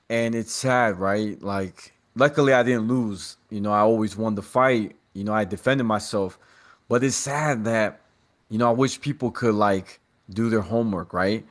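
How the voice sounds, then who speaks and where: A man with a somewhat low voice, a podcast guest speaking in casual conversation. He tells his stories with animation and street slang.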